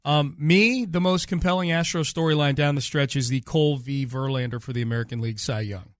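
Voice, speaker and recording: A man hosting a casual sports talk show, chatting about the team and reading statistics out slowly and deliberately. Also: mid-range voice, no echo, clean studio sound. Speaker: sports radio host.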